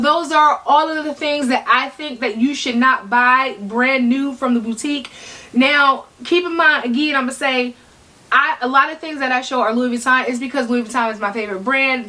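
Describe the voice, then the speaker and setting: A middle-aged woman talks straight to camera in a casual, blunt and playful way. Her voice sits high and bright, and it jumps up in pitch often. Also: low-quality recording. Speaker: handbag vlogger.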